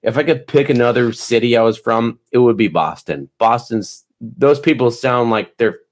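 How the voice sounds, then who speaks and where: A man's voice: medium pitch, normal speed. A man co-hosting a casual late-night podcast, tipsy, joking and swearing freely. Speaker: podcast co-host.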